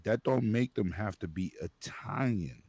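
A man from Brooklyn with a New York accent in casual, profane group banter, loudly arguing a point and cutting in to hold the floor. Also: on the low side, animated, a little slow, creaky, slightly rough, no room sound.

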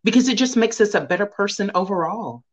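A woman's voice: medium pitch, expressive, quick pace. A woman guest in a casual conversation, speaking earnestly about faith and often laughing.

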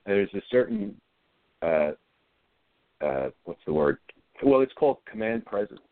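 A deep-voiced middle-aged man speaks in a low-key, hesitant way, often restarting his sentences as he thinks. The sound is dry and tinny, like a phone line. He answers interview questions casually. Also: big pitch swings, a little slow, no room sound. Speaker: actor guest.

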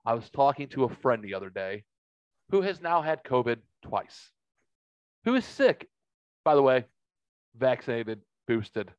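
A man's voice: medium pitch, animated, moderate pace, clear, resonant tone, no room sound, muffled recording. A man telling a story in a casual podcast chat, profane and heated.

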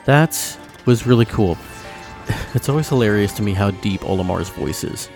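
A man hosting a podcast in casual chat, relaxed, laughing easily and using many fillers. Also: on the low side, normal speed, soft background music. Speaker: podcast host.

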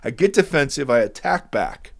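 A man talking about Jesus and scripture in a relaxed conversation, emphatic, sometimes teary and emotional. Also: medium pitch, normal speed, creaky. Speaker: Bible teacher in discussion. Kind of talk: conversational Bible discussion.

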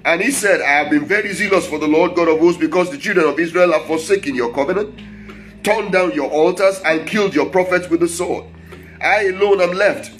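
A man preaching a sermon, reading scripture slowly and breaking off to explain it with asides and chuckles. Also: a little high, fairly bright tone, rough recording.

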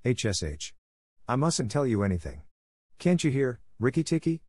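A man's voice: medium pitch, very animated, moderate pace, a little mellow, husky, no echo, clean studio sound, pitched above the performer's own voice. A man reading a storybook aloud, voicing a timid, weepy little male muskrat who pleads and whimpers. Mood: fearful, tearful.

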